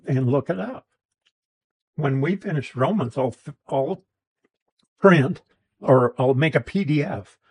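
A man's voice: mid-range voice, darkish tone, breathy edge, rough recording. A man teaching a Bible class, explaining a verse's grammar patiently with restarts and asides.

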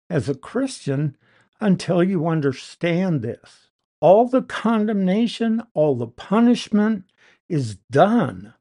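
A man delivers a verse-by-verse Bible teaching in a slightly higher register. He speaks slowly and deliberately, and he punches the key words with emphasis as he explains them. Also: darkish tone.

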